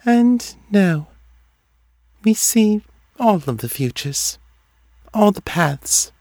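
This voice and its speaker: A detached young woman seer, speaking as if from inside a dream, as a man puts her on. The voice sits far above his usual pitch and stays distant and unsettled. It is recorded close and dry, as in a storybook audio drama. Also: sing-song, drawn-out words, darkish tone, no echo, full character voice. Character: eerie dreamy young female seer, half-plant.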